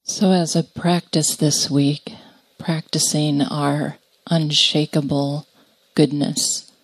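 Slow, low-voiced woman guiding a reflection. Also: level tone, a little hiss or hum, low-quality recording. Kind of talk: guided reflection.

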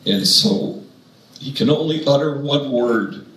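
A man's voice: mid-range voice, slow, a bit bright, reverberant, a little hiss or hum, poor audio. A man, a priest, giving a storytelling sermon, wry at first and then earnest.

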